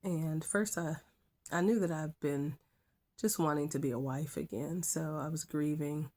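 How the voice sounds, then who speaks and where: A middle-aged woman teacher sharing a personal faith testimony in a soft, halting way that drops to a whisper at times. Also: sits low. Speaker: schoolteacher.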